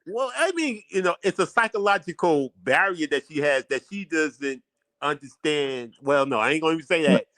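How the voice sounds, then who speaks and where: A man with a high speaking voice chats as co-host on a talk show. He stops and restarts his sentences and trails off as he looks for the right word. The sound is dry and close. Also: expressive, normal speed, fairly bright tone, dry recording, poor audio. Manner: hesitant, restarts and trails off mid-thought. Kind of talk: casual talk-show chat.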